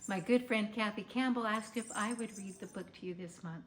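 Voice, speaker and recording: A woman reading a rhyming picture book aloud to children, speaking in an animated storytime delivery while in a holiday character persona. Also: mid-range voice, a little fast, slight background noise.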